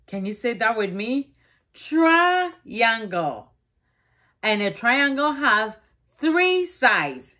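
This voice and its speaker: A woman teaching a preschool circle-time lesson, coaxing children to repeat after her with slow, exaggerated letter sounds. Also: sits high, pushed and bright.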